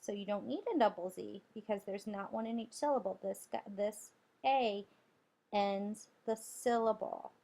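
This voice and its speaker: A woman's voice: medium pitch, measured pace, gravelly, mellow. A woman teacher guiding children through a spelling lesson, patiently sounding out letters and syllables.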